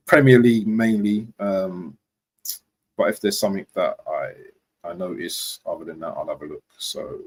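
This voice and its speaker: A man's voice: lowish voice, a little mellow, husky, poor audio. A young man chatting casually about football transfers on a live stream, rambling and slangy. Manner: rambling slangy, frequent "do you know what". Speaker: football vlogger.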